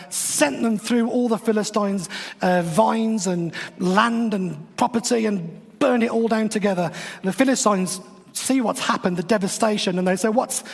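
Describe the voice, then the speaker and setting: A man's voice: sits high, long reverb tail. A man, retelling a Bible story in a chatty, wry way with playful asides, as a podcast host. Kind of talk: casual devotional storytelling.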